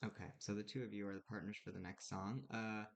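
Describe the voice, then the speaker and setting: A man narrating as game master of a tabletop role-playing game, relaxed, with many pauses and fillers. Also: on the low side, creaky. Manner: relaxed, many ums and uhs.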